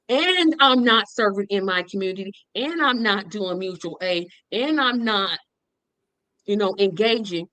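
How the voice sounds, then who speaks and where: A woman argues her point emphatically, repeating words to drive them home. Her voice is fairly high and sounds dry and close, with no room around it. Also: normal speed, bright, forceful tone, no room sound, poor audio. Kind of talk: political discussion.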